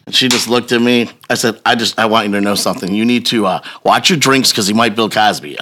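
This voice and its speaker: A man telling a long personal story in casual chat, profane and animated, laughing as he goes. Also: on the low side, fast talker, very noisy.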